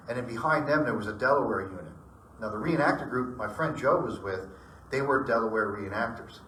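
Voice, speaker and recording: Animated guy telling ghost stories, really bright voice, echoey room, mic far off. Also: on the low side. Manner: animated, acts out quoted voices. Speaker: guest storyteller. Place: library meeting room. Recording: echoey room, distant mic, faint noise.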